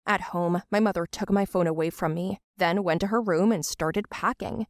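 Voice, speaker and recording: A woman narrating a first-person animated story in an earnest, emotional way. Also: fairly low pitch, moderate pace, hardly any pauses, no echo, studio quality.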